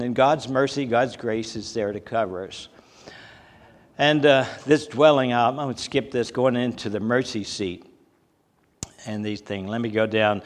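An older man preaching a folksy sermon, telling personal stories with a chuckle. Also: mid-range voice. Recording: hall reverb.

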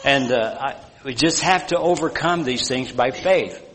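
A male preacher talks through a sermon in a homespun, meandering manner, slipping in fillers as he goes. His mid-pitched voice carries a long reverb from the hall. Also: normal speed, a bit bright, slight background noise. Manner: folksy, rambling, with fillers and asides. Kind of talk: sermon with storytelling.

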